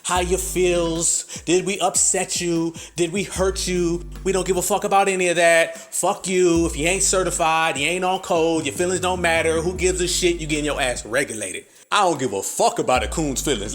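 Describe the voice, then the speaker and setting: A man's voice: fairly high pitch, a bit bright. A man hosting a podcast, giving blunt, profane, combative commentary. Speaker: podcast host.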